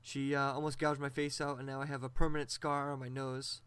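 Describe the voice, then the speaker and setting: Bright-voiced man, laughing casual host. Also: mid-range voice, flat delivery, fairly quick, clear, resonant tone, no room sound. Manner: laughing often, swearing casually. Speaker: podcast host. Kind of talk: casual chat.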